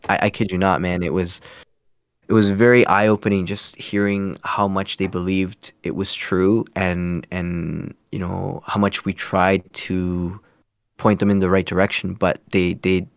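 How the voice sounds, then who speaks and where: A man's voice: low-pitched, dry recording, studio quality. A young man from Canada, a guest telling a story casually with many restarts and fillers. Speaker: guest, scambaiter.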